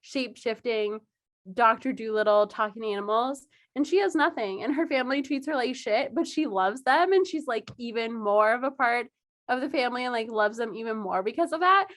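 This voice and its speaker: A young woman co-hosting a podcast, telling stories in an animated way and acting out the people she quotes, with frequent laughter. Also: a little high, brisk. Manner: animated storytelling, acts out quoted voices, laughs often. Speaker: podcast co-host. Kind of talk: casual chat.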